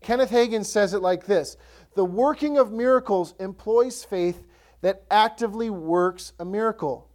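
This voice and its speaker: A man's voice: high voice, moderate pace. A male pastor preaching a sermon, telling stories and acting out the voices of the people in them. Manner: animated storytelling, acts out voices.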